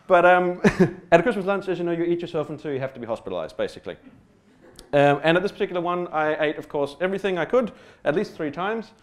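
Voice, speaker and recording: An Australian man with a fairly high, expressive voice speaks fast during a stage talk. His humorous personal anecdote rambles along with many fillers and restarts, self-deprecating asides and casual swearing.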